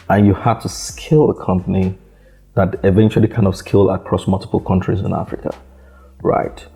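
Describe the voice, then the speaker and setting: Low, mellow male founder from Nigeria, halting interview guest heavy on fillers. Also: vocal fry. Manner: hesitant, many repeated words and "you know" fillers. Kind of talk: conversational interview.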